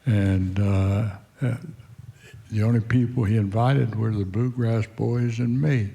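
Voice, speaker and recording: Slow, gravelly older man. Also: fairly low pitch, steady tone, mellow. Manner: halting, many pauses and "uh"s. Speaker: panel guest. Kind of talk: slow reminiscing on a panel. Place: museum stage program.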